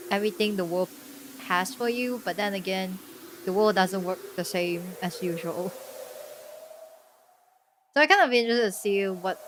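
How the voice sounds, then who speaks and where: A woman streaming a story game, chatting casually in a worn-out, sick-sounding voice with a flat, deadpan delivery and soft laughs. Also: mid-range voice, a little hiss or hum. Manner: chatty, trails off and restarts, laughs softly.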